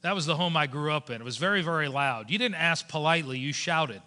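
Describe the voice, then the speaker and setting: A man preaching a sermon as a pastor, animated and storytelling, switching into voices for the people in his stories. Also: a little high, fast. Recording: long hall reverb.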